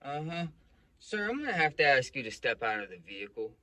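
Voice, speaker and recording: A man's voice: mid-range voice, sing-song, brisk, bright, forceful tone. A man voicing an aggressive, foul-mouthed male police officer who barks threats. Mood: hostile. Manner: barking, profane, threatening.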